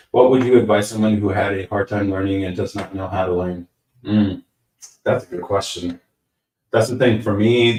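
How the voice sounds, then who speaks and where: Deep-voiced man in a roomy room. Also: a little mellow, recorded from a distance. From United States. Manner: rambling, joking, self-deprecating. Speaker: host answering live chat. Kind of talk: casual livestream Q&A. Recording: roomy sound from away from the mic.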